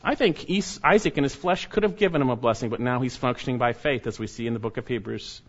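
A man preaching an expository sermon, reading scripture verse by verse and rising to loud, emphatic exhortation. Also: mid-range voice, fast. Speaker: pastor. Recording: dull lo-fi sermon recording.

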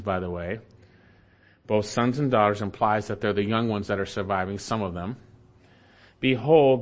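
A man preaching an expository sermon, emphatic and swinging between loud, lifted lines and low, quiet asides. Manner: emphatic, rising and falling with emphasis. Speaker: pastor.

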